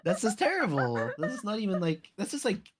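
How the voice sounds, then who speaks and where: A man joining over a voice call, reacting quickly and laughing at the jokes. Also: high voice, wildly swooping pitch, very noisy. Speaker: guest on a call.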